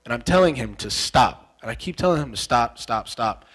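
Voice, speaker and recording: A young American man, formerly a soldier, recounts a tense memory in a relaxed sit-down interview. His storytelling is animated and full of repetition, and he slips into the voices of the people in the story. His pitch sits in an ordinary middle range. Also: fairly quick, breathy edge, poor audio. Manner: animated, repetitive storytelling that acts out remembered dialogue.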